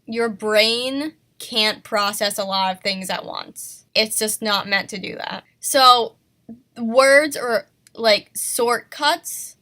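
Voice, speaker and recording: A woman with a bright, forceful tone talks through an art lesson at an unhurried, slow pace. She is sick and self-conscious, laughing at herself and apologizing as she goes. It sounds like a casual home recording. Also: medium pitch. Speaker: art tutorial host.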